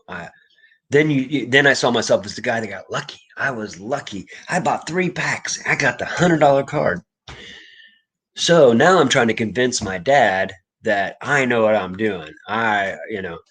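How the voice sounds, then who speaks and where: A man with a somewhat low voice rambles through a casual story, chuckling between thoughts. He talks like a reseller chatting with friends, easygoing and loose. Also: a bit bright, husky. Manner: rambling storyteller, laughs often. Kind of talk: casual chat.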